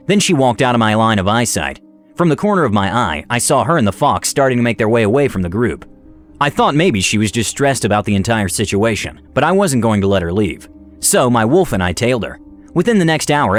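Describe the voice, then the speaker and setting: A man narrates a tabletop adventure story for a channel. His delivery is animated, with wide swings in pitch. His voice is mid-range for a man. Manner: lively storytelling.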